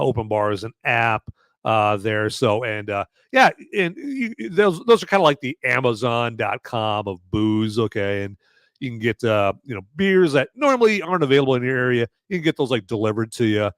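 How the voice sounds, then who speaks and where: A man of medium pitch and fairly bright tone is heard in a studio-quality recording free of echo. Hosting a podcast, he gives an easygoing review of a movie and a beer, rambling along with many fillers and frequent "okay?"s.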